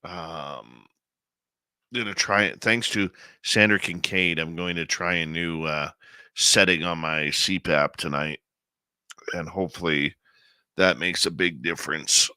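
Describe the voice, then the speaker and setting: A man's voice: low-pitched, fairly even intonation, unhurried, sharp tone, clear, resonant tone, no room sound, clean studio sound. A man hosting a live radio show in casual chat, greeting listeners and reading their comments aloud on a headset microphone.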